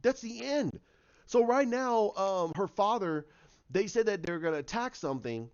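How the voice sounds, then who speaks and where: Excitable high-voiced male reviewer. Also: moderate pace, clear, resonant tone, muffled recording. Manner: excitable, acts out characters' lines. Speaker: TV show reviewer. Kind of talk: casual fan episode breakdown.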